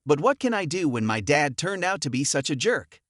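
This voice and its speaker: A man voicing a calm, morally rigid young man who speaks firmly. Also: fairly high pitch, normal speed, dry recording, studio quality.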